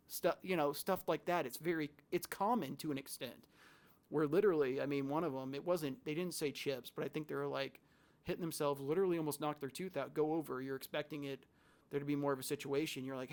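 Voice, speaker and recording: A man's voice: a little high, steady tone, quick pace. Guy chatting about his old hospital job, loose and rambly, acts out what people said. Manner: conversational, rambling with restarts and quoted asides. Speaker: former psychiatric hospital worker. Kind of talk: casual storytelling to camera.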